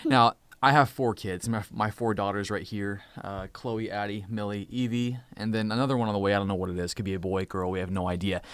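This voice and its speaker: A man in his thirties hosting a casual live stream, talking in an upbeat, hurried way and now and then hushing his children. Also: on the low side, fairly even intonation, clear, resonant tone, no room sound. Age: 30s. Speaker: host.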